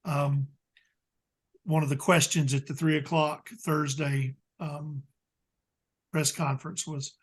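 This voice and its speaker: A man's voice: on the high side, level tone, slow pace, long pauses, slightly rough. A man with a Southern US accent, chatting as a guest expert in an interview, plain-spoken and rambling with lots of "um"s. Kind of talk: casual interview chat.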